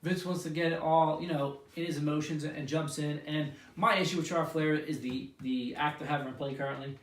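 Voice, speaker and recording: A man's voice: on the high side, fairly even intonation, fairly quick, distant mic. Opinionated man co-hosting in an echoey room. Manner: opinionated, stumbling restarts. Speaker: podcast co-host. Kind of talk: casual chat about pro wrestling. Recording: roomy echo, away from the mic.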